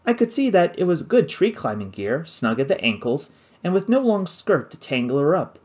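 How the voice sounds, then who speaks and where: A man narrating an adventure novel in the first person, with an expressive storytelling delivery. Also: on the high side, moderate pace. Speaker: audiobook narrator.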